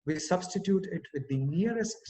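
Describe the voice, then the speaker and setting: A man's voice: sits high, animated, normal speed, warm tone, low-quality recording. A man whose first language is Telugu, speaking English with an Indian accent as a webinar speaker, explaining pronunciation with many fillers and self-corrections. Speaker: guest speaker. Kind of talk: online webinar talk. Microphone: home internet call mic.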